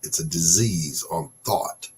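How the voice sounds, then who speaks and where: A man's voice: low-pitched, slow, darkish tone, slightly rough. A man hosting a casual opinion monologue, ranting bluntly and sarcastically, with swearing. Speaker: podcast host.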